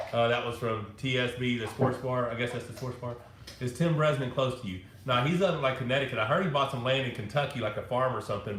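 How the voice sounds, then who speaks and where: Casual man hosting a live chat, halting comment reader, voice bouncing around a roomy space. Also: medium pitch, fairly bright tone, slight background noise. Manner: loose, halting, reads comments aloud with restarts. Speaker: live-stream host answering viewer comments. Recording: echoey room with faint ambience.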